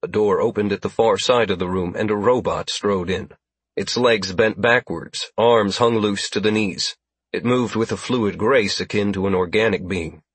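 A man narrating a science-fiction audiobook in a steady, even storytelling manner. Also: on the low side, normal speed, husky, no room sound. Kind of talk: scripted narration.

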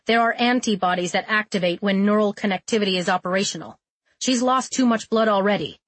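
A woman voicing a blunt, weary male medic who talks in a brisk, matter-of-fact way. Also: mid-range voice, close to an everyday voice.

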